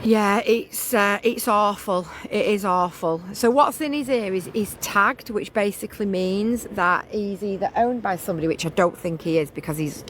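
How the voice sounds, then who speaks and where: A woman's voice: on the low side, a little hiss or hum. A woman vlogging casually outdoors on a beach, talking in a rambling, chatty way with many restarts.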